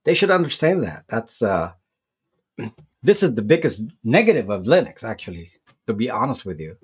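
Halting man explaining tech. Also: mid-range voice, big pitch swings, breathy edge. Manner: halting, many repeats and restarts. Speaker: tech video creator as guest. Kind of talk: casual explanatory interview talk.

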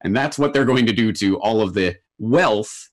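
A male guest in a casual talk, explaining things in a measured, analytical way. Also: fairly low pitch. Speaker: guest commentator. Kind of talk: casual chat. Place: Japan.

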